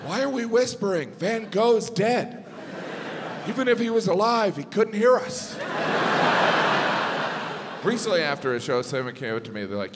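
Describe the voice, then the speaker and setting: Deadpan stand-up comic in a big theater. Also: male voice, moderate pace, pauses often, heavy background noise. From American Midwest. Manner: deadpan, with high mocking character voices. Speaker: stand-up comedian. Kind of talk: stand-up routine. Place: large theater stage. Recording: reverberant theater with audience laughter. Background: audience laughter.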